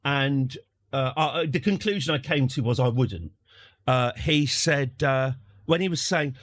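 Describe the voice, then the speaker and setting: A man's voice: mid-range voice, lively intonation, a little slow, dry recording. A British man streaming from home, telling a casual story in a rambling, wry way with lots of restarts. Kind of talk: casual anecdote.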